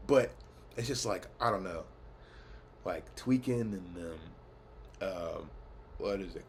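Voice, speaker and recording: Young man, very deep voice, laid-back rambling to camera, cussing, self-mocking laughs. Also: slow, pauses often, a little mellow, a little hiss or hum. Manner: laid-back, swears often, laughs at himself, fillers and restarts. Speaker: vlogger. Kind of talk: casual rambling monologue to camera. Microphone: camera mic.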